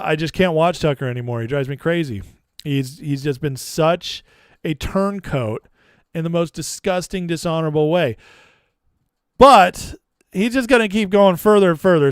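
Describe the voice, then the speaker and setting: A man's voice: a little high, smooth, dry recording, clean studio sound. Sarcastic man hosting a political stream. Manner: sarcastic, mocking and exasperated. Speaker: political commentary host. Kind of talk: live stream commentary.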